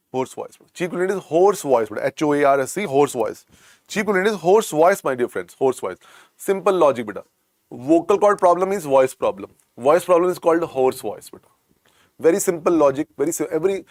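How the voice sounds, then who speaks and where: A middle-aged Indian-accented man teaches a medical exam class, repeating each point and coaxing his students. His voice sits a little high and swings widely in pitch. The recording is dry and close. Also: no echo. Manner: repetitive, coaxing, calls students "beta". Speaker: medical lecturer. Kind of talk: exam coaching lecture.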